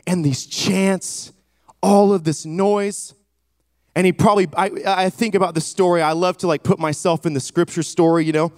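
A male preacher with a high voice delivers an emphatic sermon, dramatically retelling a scripture story. He calls on the congregation to respond. The sound is dry and close. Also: no room sound.

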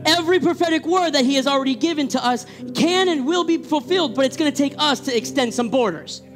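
A middle-aged male pastor delivers a sermon in a notably high voice, energetic and fervent, stumbling over and repeating words as he pushes toward emphatic peaks. Faint guitar music plays quietly underneath. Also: fast.

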